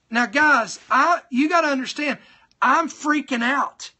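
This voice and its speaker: A man preaching in a live-streamed sermon, telling his testimony in an animated way, speaking directly to his viewers and repeating points for emphasis. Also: very high voice, measured pace, breathy edge. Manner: animated storytelling, talks straight to viewers.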